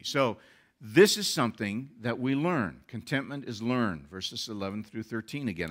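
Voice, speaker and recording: A man's voice: medium pitch, expressive, normal speed. A man who is a pastor, preaching a sermon with earnest rising emphasis.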